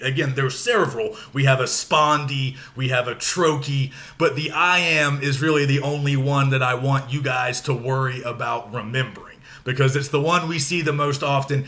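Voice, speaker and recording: A man giving a recorded lecture, with a bright voice that sits a little high. He explains step by step in a relaxed, casual way, with the odd filler. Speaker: teacher.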